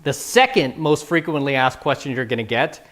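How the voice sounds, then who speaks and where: A man's voice: mid-range voice, moderate pace, a bit bright. Casual man coaching on dating. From San Francisco. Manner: casual, playful, acts out quoted lines. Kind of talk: casual instructional talk.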